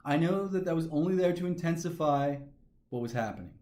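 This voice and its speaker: A man's voice: on the high side, expressive, brisk, warm tone. A man teaching a grammar lesson, methodically talking through each step aloud. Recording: echoey room.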